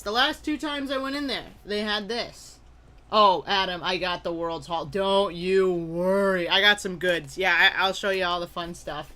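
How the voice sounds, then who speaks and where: A young adult live-stream host chatting casually with viewers, greeting them by name and bursting into loud excitement, a little sneezy from allergies. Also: medium pitch. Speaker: live-stream host opening trading cards.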